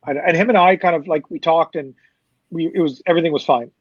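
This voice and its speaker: Canadian man, fairly high voice, animated storyteller who acts out quotes, casual and profane; dry, slightly dull recording. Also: fast talker, dry recording. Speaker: promoter telling a story.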